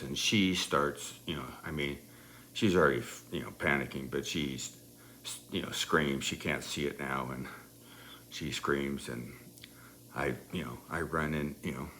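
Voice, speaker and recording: A middle-aged man with a very deep yet bright, forceful voice tells a family story, rambling along with plenty of "you know" fillers. He keeps laughing as he talks, and a faint hiss sits under the recording. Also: unhurried. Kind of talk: casual personal anecdote.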